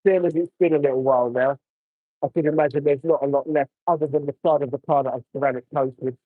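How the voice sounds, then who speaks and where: A man's voice: a little high, steady tone, fast talker, dry recording, narrow, tinny audio. A man chatting casually on a livestream, answering viewer comments while he cleans a car outdoors, talking into a phone. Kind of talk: casual live chat while working.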